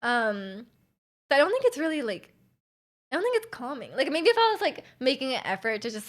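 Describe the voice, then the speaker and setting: Woman streamer for casual chat, slightly high voice, energetic and loud, lots of fillers, volume that jumps up and down. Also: a little fast. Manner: chatty, many fillers, reads chat aloud.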